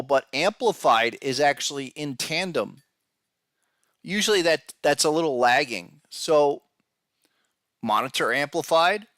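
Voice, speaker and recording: Man, podcast host, chatty market commentary, bright voice, dry close sound. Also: mid-range voice, dry recording. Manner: conversational, repeats words, talks to viewers directly. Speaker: podcast host and trading analyst. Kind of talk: casual market analysis commentary.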